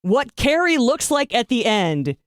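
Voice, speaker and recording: A man co-hosting a podcast, telling stories in an animated, enthusiastic way. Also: very high voice, unhurried, no room sound, studio quality. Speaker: podcast co-host. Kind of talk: casual podcast chat.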